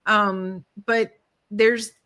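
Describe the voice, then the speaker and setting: A woman's voice: mid-range voice, level tone, extremely slow, sharp tone. A middle-aged woman co-hosting a casual talk show, speaking candidly and animatedly, swearing freely and laughing often. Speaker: podcast co-host, studio owner. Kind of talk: casual conversation.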